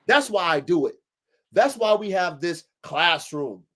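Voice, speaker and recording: A man's voice: high voice, animated, moderate pace, a bit bright. A man hosting a livestream podcast, talking with preachy, emphatic conviction and lots of swearing. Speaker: podcast host and dog breeder. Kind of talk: impassioned livestream podcast talk.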